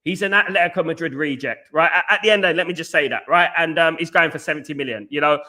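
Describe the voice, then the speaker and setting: A man with a fairly high, bright, pushed voice talks quickly while hosting a football live stream. As a football podcast host, he rants heatedly in a casual way, repeating himself and greeting viewers in the chat.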